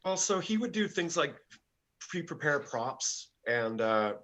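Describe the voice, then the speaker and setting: An older man, a guest musician, telling stories in a casual interview, halting and full of fillers and restarts. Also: on the high side, big pitch swings, a bit bright.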